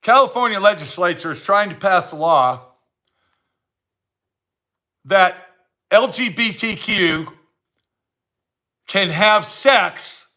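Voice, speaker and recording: High-voiced man on a slow, blunt rant. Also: lively intonation, bright, forceful tone. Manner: blunt, heated and repetitive. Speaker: vlogger. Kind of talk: ranting monologue to camera.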